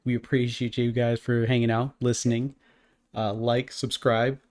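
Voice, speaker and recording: A man's voice: medium pitch, moderate pace. Laid-back podcast co-host man. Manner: relaxed, lots of fillers like "like" and "um". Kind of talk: casual chat.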